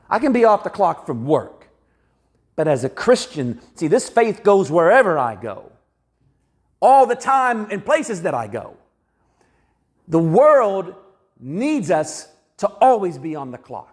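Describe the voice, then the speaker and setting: Lively high-voiced male preacher. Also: slow. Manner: conversational, animated, acts out quoted voices. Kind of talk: sermon. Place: church sanctuary.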